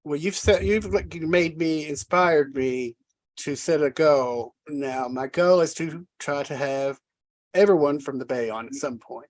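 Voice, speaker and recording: Interview host, enthusiastic fan, medium pitch, dry sound. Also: measured pace, no echo. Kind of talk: casual interview chat.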